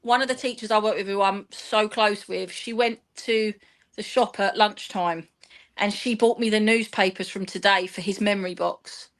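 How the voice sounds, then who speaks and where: A woman, telling an animated, rambling story in an interview and acting out the dialogue. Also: mid-range voice, moderate pace. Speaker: guest, football fan and teacher.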